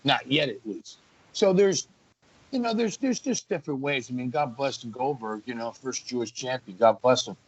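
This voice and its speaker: A man's voice: mid-range voice, moderate pace, slightly rough. Wrestler guy spinning ring stories, all fired up, muffled lo-fi audio. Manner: energetic, acts out ring action. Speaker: wrestler guest. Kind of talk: animated storytelling.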